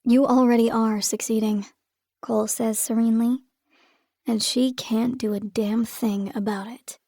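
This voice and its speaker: Brief: female audiobook narrator, higher voice, tense delivery, dry close sound. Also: level tone, measured pace, dark tone, dry recording. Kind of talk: first-person audiobook narration.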